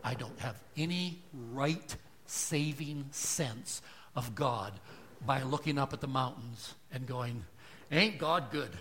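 A man preaching a sermon to a congregation, asking rhetorical questions and moving between hushed, soft passages and loud, emphatic lines. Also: medium pitch, slow, slight background noise. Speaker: pastor. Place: church.

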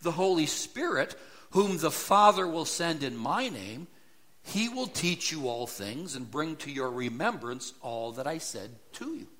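Male preacher, sermon, slow delivery, lively rising and falling pitch, emphatic, rhetorical questions.

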